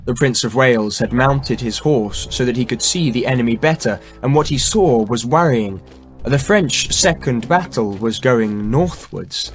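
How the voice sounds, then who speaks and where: A man reading a historical novel aloud in measured, dramatic audiobook narration. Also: medium pitch. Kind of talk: scripted narration. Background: faint background music.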